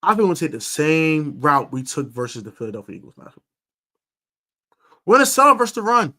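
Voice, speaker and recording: A man's voice: on the high side, brisk. A man hosting a live stream football preview, talking emphatically, repeating himself for stress and using fillers. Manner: emphatic, animated sports talk with fillers and repeats. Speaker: sports podcast host.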